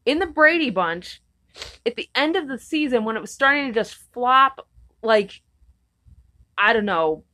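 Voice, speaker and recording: A woman's voice: a little high, animated, measured pace, pauses often, bright, forceful tone. A woman co-hosting a casual chat, rambling and irreverent, swearing freely. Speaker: podcast co-host.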